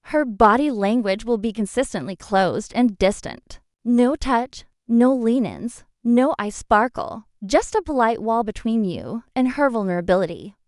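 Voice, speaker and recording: A woman's voice: fairly high pitch, a little mellow, no room sound, studio quality. A woman giving scripted narration, addressing the listener directly with blunt advice and rhetorical questions. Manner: direct second-person advice.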